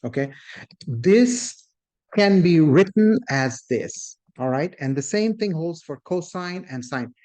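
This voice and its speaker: Slightly high-voiced male math teacher. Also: darkish tone. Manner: explains step by step, often checks in with "okay?" and "right?"; addresses the class as "guys", invites questions. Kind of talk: classroom lecture.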